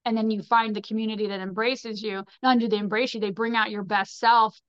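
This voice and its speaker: A fairly high-voiced woman chatting as a podcast guest. She rambles loosely and leans on "like" and "you know". The sound is dry and a little dull and muffled. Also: flat delivery, fast talker, fairly bright tone, smooth, no room sound. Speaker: podcast guest, fashion designer. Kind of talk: casual conversational storytelling.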